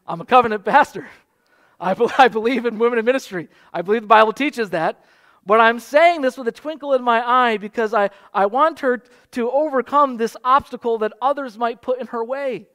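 A man's voice: sits high, fairly bright tone. A man in his thirties, a pastor, preaching a sermon in an earnest manner that builds to fervent exhortation.

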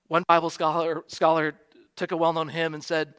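High-voiced American pastor preaching. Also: male voice, little pitch movement, moderate pace. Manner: earnest preaching, soft repeated emphasis. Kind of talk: sermon.

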